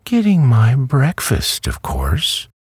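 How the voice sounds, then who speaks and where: A man voicing a brisk, self-assured talking hen, with a cackling manner and a raised, husky voice in a storybook reading. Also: medium pitch, wildly swooping pitch, darkish tone, dry recording, clean studio sound, pitched above the performer's own voice, heavily acted. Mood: matter-of-fact. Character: chatty, matter-of-fact talking yellow hen, female.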